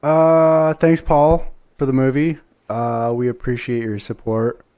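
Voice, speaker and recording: A man's voice: medium pitch, steady tone, measured pace, dark tone, clear, resonant tone. Blunt male podcast co-host, mid voice. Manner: blunt, repeats points, hesitant fillers. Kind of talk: casual chat.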